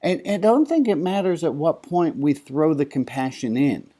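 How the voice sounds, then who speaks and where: A man's voice: fairly high pitch, lively intonation, moderate pace. Rabbi, male, loose jokey group leader with frequent restarts, heard over a video call. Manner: warm, joking, stumbling restarts. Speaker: rabbi leading an online service. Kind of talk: casual, interactive service talk.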